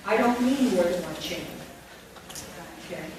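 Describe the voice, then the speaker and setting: A woman's voice: lowish voice, animated, a little slow. A woman leading a phonics teacher training workshop, demonstrating classroom instruction step by step. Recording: echoey room from far off with noise.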